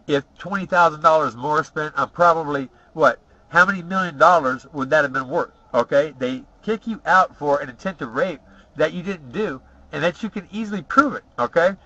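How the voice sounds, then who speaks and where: A man's voice: a little high, sharp tone. A middle-aged man rambling through boastful, profane personal stories, tagging his lines with "okay?". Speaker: storyteller. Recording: dull lo-fi recording.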